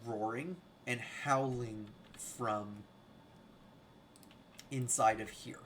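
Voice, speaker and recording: A man narrating a tabletop game as game master. His voice sits at a middle pitch. He reads rules and room descriptions and sometimes trips over a word and starts again. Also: fairly even intonation, very slow, fairly bright tone, a little hiss or hum. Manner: reads rules and scene text, stumbles and restarts.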